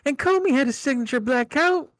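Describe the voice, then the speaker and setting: A man voicing a frantic, squeaky small-town witness while reading a comedy script aloud. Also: lively intonation, fairly quick, fairly bright tone, dry recording, clean studio sound. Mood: alarmed.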